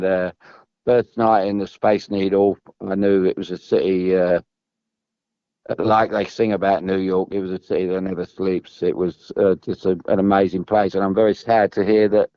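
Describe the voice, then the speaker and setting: Low and fairly flat in pitch, the man talks at normal speed in a recording with no echo and clipped highs. He's an English ex-footballer appearing as a podcast guest, telling long, wandering stories and repeating or restarting as he goes.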